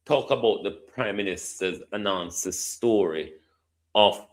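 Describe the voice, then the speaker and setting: A middle-aged Jamaican man giving opinionated commentary, stretching key words for emphasis and ending points with a questioning "hmm?". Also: on the low side. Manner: repeatedly addresses a minister by name, drawn-out emphasis, tag "hmm?". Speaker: political commentator.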